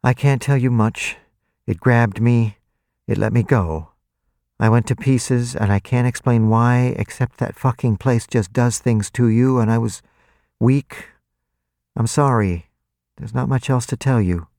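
A man voicing a frail, frightened young woman who speaks barely above a breath, halting and apologetic. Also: medium pitch, creaky, no echo, clean studio sound, voice pushed up. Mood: shaken, apologetic. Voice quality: barely audible, soft.

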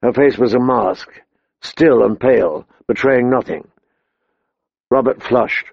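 A male narrator reading a novel aloud in a measured, steady way. His voice has a gravelly texture. The recording is dry and dull, a lo-fi audiobook sound. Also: mid-range voice, no echo. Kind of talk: scripted narration.

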